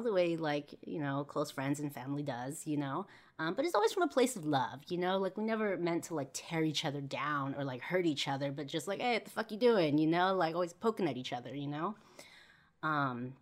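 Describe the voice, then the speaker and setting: A woman's voice: low voice, animated, fairly quick. A young woman hosting a podcast, telling a personal story in a rambling way full of "you know" and "like". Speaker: podcast host.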